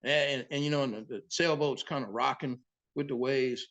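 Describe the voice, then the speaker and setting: A boat captain, a man, telling sea stories in a casual, profane, animated way as an interview guest. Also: medium pitch, normal speed. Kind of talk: casual storytelling.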